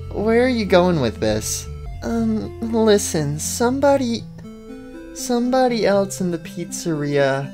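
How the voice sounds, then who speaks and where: A woman voicing a nervous, guilty pregnant young woman in a machinima, soft and hesitant, stammering. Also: mid-range voice. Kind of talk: machinima voice acting.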